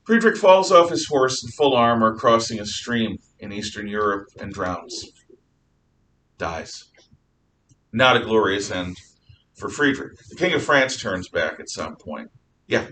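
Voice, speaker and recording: A man teaching history in a bright, forceful voice, chatty and jokey, wandering into asides. He is heard from a distance in an echoey classroom with a faint rumble underneath. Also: animated, a little slow. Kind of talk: classroom lecture.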